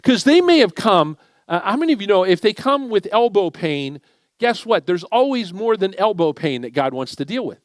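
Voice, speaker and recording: A middle-aged man preaching as a guest speaker in a church, telling a story in a conversational, animated way and acting out the dialogue. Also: sits high, normal speed, dry recording. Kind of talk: storytelling sermon. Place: church sanctuary.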